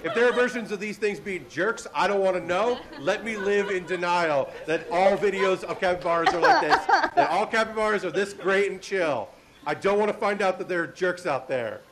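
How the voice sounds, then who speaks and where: Animated man hosting a comedy panel. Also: sits high, normal speed. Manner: animated, laughing, self-deprecating. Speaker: host. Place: convention stage with audience. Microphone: handheld or stand mic.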